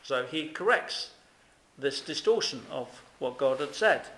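A man delivers a sermon earnestly and emphatically, driving home his points with rhetorical questions. His voice is a bit higher than most men's, animated, a little slow, and sharp in tone. A noticeable echo suggests a church or hall.

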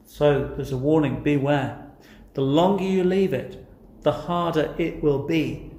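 A man's voice: on the high side, steady tone, a little slow, warm tone. Man, sermon, earnest, rhetorical questions, echoey church room. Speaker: preacher.

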